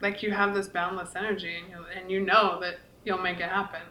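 A woman's voice: on the low side, level tone, fairly quick, sharp tone, a little hiss or hum. Chatty woman in her 40s, earnest, says like a lot, roomy echo. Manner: chatty and earnest, many likes and restarts. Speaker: podcast co-host and author. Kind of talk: casual podcast conversation. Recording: echoey room.

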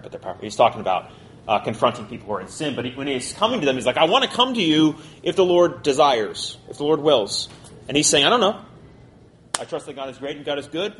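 A man teaching a college Bible class, talking quickly and conversationally and putting questions to his listeners. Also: mid-range voice, fairly bright tone, slight background noise.

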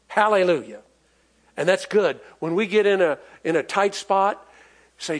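High-voiced folksy male preacher. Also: animated, moderate pace. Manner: folksy, emphatic, with call-and-response and chuckles. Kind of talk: sermon.

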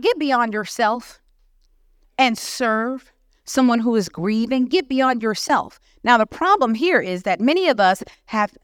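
A woman preaching to a women's session at church, lively and conversational. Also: fairly high pitch, smooth, dry recording, studio quality. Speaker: guest speaker. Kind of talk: teaching sermon. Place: church hall.

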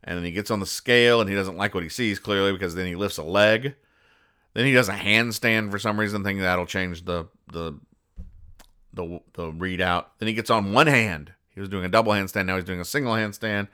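Pria bersuara jernih dan cerah, membahas komik secara datar. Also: male voice, sits low, bright, forceful tone, clear, resonant tone. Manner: dry, sarcastic, halting with restarts. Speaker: podcast host reading comics. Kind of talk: deadpan comic commentary.

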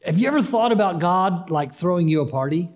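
A pastor delivering a sermon in a conversational way, acting out the story's dialogue and repeating phrases for emphasis. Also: male voice, high voice, lively intonation, fairly quick.

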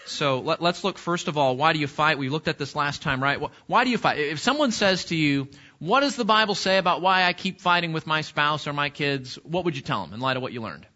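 A man's voice: on the high side, animated, brisk, sharp tone. A middle-aged man teaching a Bible class at church, who repeats his words as he goes and keeps putting questions to the class. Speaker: Sunday school teacher. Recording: dull lo-fi recording.

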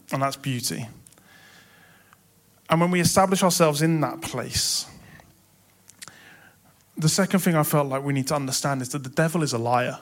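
A young man preaching a sermon in a church, impassioned and building to emphatic swells. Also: a little high.

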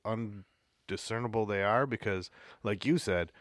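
A man's voice: fairly low pitch, unhurried, dry recording, clean studio sound. A man co-hosting a podcast, musing through ideas with lots of fillers and some swearing. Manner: musing, hedging with fillers, profane. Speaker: podcast co-host. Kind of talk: casual chat.

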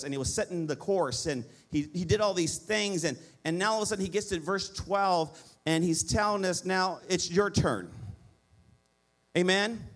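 A middle-aged man preaching a sermon as pastor, pleading with the congregation and calling for responses. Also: high voice.

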